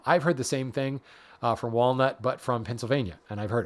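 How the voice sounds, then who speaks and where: Hosting a woodworking podcast, a man who knows hardwood lumber explains wood grading and color at a fairly quick clip in a medium-pitched voice. His manner is casual and self-deprecating, and he often restarts sentences partway through.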